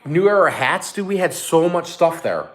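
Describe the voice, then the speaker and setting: A middle-aged man, an online reseller, telling a story in casual chat, animated and swearing as he acts out what people said. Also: fairly high pitch, moderate pace.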